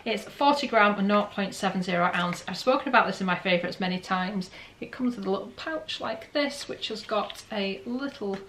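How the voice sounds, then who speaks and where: A woman's voice: mid-range voice, fairly quick, fairly bright tone, a little hiss or hum. A woman, chatting candidly as she unboxes and reviews beauty products for her vlog. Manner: chatty, candid, rambling asides. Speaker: beauty vlogger.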